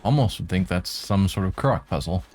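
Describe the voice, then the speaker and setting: A man talks through his gameplay in a relaxed, lowish voice. He makes dry, wry asides and talks to the enemies on screen. Faint ambience sits under him. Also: fairly quick, a little hiss or hum. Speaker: game streamer. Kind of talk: let's-play commentary.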